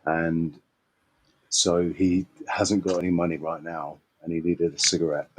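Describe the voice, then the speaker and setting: A man's voice: low-pitched, flat delivery, unhurried, low-quality recording. A man chatting casually in a meandering, hesitant way and laughing easily. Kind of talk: casual chat.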